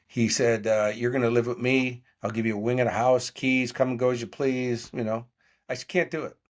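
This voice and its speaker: A man's voice: mid-range voice, a little fast. A man in his sixties, a podcast guest, telling stories in an interview and acting out the dialogue of the people in them. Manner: animated storyteller acting out quoted dialogue. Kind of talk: storytelling interview.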